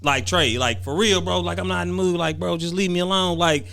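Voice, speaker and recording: A man's voice: sits high, fairly quick, creaky. A man co-hosting a podcast in casual chat, telling his side of a story and acting out his own pleading and exasperated lines. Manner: expressive, swings between pleading and exasperation when quoting himself. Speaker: podcast co-host.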